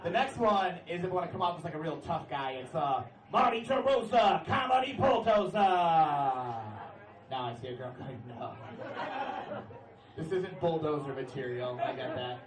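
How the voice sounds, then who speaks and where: A brash young man works a stand-up set on a club stage, his voice sitting high for a man and often jumping into shouted announcer-style bits. He sounds roomy and a little off-mic, and loud crowd laughter keeps breaking through. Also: moderate pace, distant mic. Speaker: stand-up comedian.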